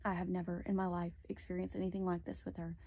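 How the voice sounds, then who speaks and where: A woman's voice: lowish voice, flat delivery, fast talker, dark tone. A young woman telling a personal story in a casual, rambling way, full of "like" fillers, close to a phone mic.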